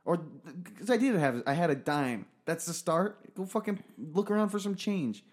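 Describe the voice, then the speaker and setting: A man's voice: high voice, animated, moderate pace. A young man telling a story in casual chat, swearing a lot and laughing often. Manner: profane, laughing storyteller who swears constantly.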